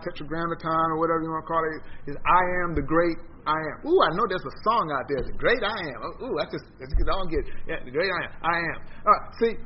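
A man leading an informal Bible study, animated and emphatic, often repeating words as he teaches. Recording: dull low-fi sound with faint noise.

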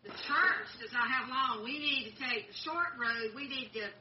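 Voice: high voice, expressive, normal speed. A participant in a casual Bible study discussion, speaking with fervent, urgent exhortation. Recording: distant, echoey, lo-fi with faint noise.

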